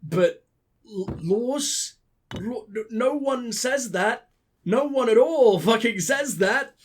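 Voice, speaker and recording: A man's voice: extremely high pitch, expressive, slow pace, a little hiss or hum. A young man with a southern English accent, ill, giving sweary, sarcastic, rambling commentary over a game. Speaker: let's play host. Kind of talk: casual gameplay commentary.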